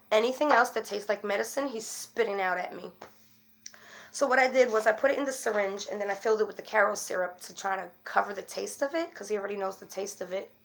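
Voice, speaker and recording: Gravelly-voiced woman vlogging. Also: medium pitch. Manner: rambling, with many fillers and restarts; worried and frustrated. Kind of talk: casual to-camera chat.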